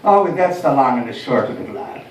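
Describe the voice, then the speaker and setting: Comic playing a deadpan older Irish mother with a brogue. Distant mic, faint ambience. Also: medium pitch, brisk, reverberant, slight background noise, close to an everyday voice. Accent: Irish brogue, put on. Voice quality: lilting, straight-faced.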